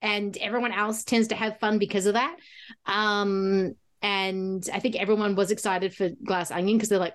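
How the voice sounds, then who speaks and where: Woman podcaster, animated and quick with asides, laughs a lot, mid-pitched. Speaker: podcast co-host. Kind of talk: casual movie chat.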